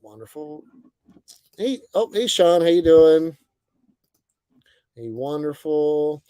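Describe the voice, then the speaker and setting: A young man hosting a casual livestream, greeting viewers by name and chatting in a relaxed, friendly way with plenty of fillers. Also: fairly high pitch, takes it slowly, clear, resonant tone, no echo. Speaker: livestream host. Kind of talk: casual chat reading viewer comments. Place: bus, indoors.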